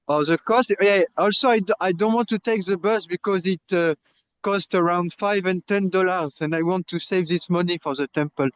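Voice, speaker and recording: A man's voice: high voice, normal speed, no echo. A man, a monk who distributes books, telling jokey stories in a casual chat and laughing along. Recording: dull lo-fi sound.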